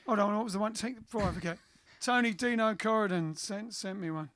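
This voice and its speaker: A man's voice: high voice, a little fast, dry recording, clean studio sound. A man from England hosting a band's livestream, chatting, telling jokes and reading out viewer comments. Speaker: band singer and livestream host. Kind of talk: casual chat and jazz singing. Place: indoors, home livestream. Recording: music playing loud behind the voice. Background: band music.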